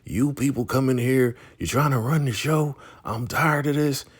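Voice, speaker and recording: A man playing a fed-up small-town sheriff who rants in complaint, pushing his voice much higher than his own. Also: fairly quick. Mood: angry rant. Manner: exasperated, shouting complaints.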